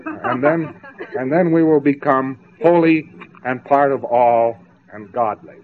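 A man's voice: mid-range voice, a little slow. A man giving a spoken lecture, mocking and sarcastic as he tells stories to make his point. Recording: tinny narrow-band old tape.

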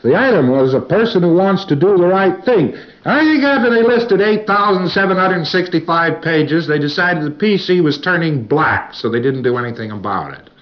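A man's voice: fairly high pitch, very animated, moderate pace, few pauses. Man lecturing on a dull old tape. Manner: rambling, folksy, with asides and chuckles. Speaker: lecturer reviewing students' work. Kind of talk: informal lecture to a class.

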